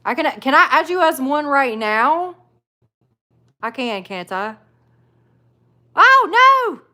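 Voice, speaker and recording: A woman's voice: high-pitched, expressive, a little slow, sharp tone. Chatty woman hosting a live stream. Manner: chatty, laughs often, many "like" fillers. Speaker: livestream host reading chat. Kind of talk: casual live-stream chat.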